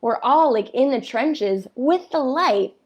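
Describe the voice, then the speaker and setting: Candid fiery woman with a gravelly voice. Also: sits high, animated, takes it slowly. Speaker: spiritual coach. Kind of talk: live-stream talk.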